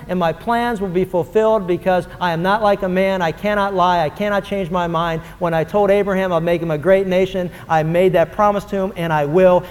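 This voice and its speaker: A man's voice: high-pitched, darkish tone. A man preaching a fervent, emphatic sermon, acting out quoted dialogue as he goes. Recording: long hall reverb.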